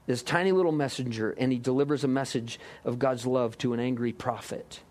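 A man preaching a sermon, lively, acting out voices and joking with the congregation. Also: mid-range voice, a little fast. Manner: lively, acts out quotes, jokes with the congregation. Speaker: pastor.

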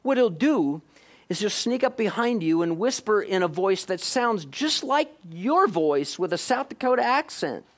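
A man preaching a sermon, questioning his listeners directly and moving between hushed and emphatic delivery. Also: high voice, big pitch swings, a little slow. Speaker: pastor.

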